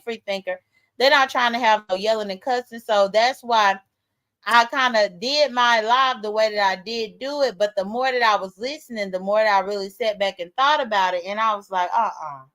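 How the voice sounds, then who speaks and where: A woman hosts a laid-back livestream, addressing her viewers directly as "y'all" with blunt, profane emphasis. Her voice is fairly high and a bit bright, suited to this casual stream commentary.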